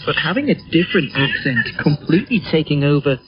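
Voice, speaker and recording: A man narrating a scripted news report in a steady voice. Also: fairly high pitch, quick pace, background noise. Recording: muffled shortwave radio broadcast.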